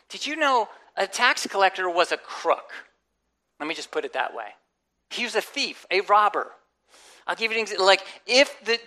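A woman pastor delivers a sermon in a conversational, animated way. Her pitch sits mid-range but swings widely as she acts out quotes and inner voices. She mixes scripture reading with playful asides. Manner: conversational preaching with asides and jokes.

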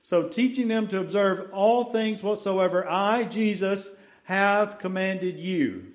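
A man preaching from the pulpit, his voice pitched high and his pace unhurried. He quizzes the room and stretches out key words as he reads scripture aloud. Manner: asks the congregation questions, slow emphatic scripture reading. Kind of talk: sermon.

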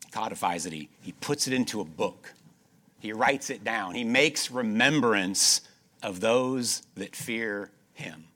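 A man preaching with a bright, ringing tone that cuts through clearly. He swings from loud, emphatic stretches to soft, slowed passages, repeating key phrases and asking his congregation rhetorical questions. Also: fairly low pitch, lively intonation. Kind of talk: sermon.

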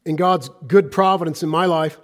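A middle-aged American man preaching a sermon, swinging between loud emphasis and hushed, quiet passages. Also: a little high, normal speed. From United States. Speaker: pastor.

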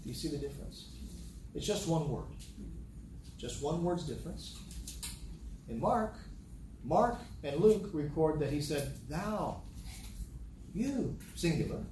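A man's voice: on the high side, lively intonation, a little slow, long pauses, dark tone, a little hiss or hum. A man preaching a sermon, reading scripture aloud and repeating key phrases for emphasis. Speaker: pastor. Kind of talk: sermon, Bible teaching. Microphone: camera from a distance. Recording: echoey hall, voice from a distance.

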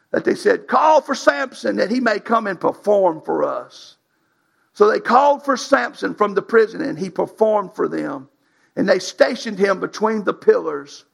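A man's voice: high voice, creaky, breathy edge. A man preaching a sermon, in a folksy, emphatic style with colloquial grammar.

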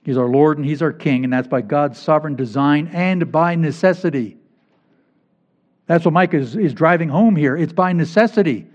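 A man's voice: fairly high pitch, moderate pace, darkish tone. A male pastor preaching a sermon, emphatic and repeating key phrases to drive points home. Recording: dull lo-fi recording.

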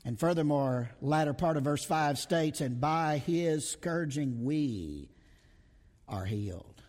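A man preaching an expository sermon, dramatic and emphatic, repeating rhetorical questions, stretching out words and dropping to a hush. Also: on the high side, lively intonation, slow, long reverb tail.

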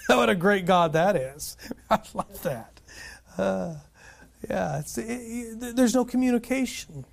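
Man, pastor, sermon, earnest, animated, restarts phrases, questions the congregation. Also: sits high, measured pace, creaky.

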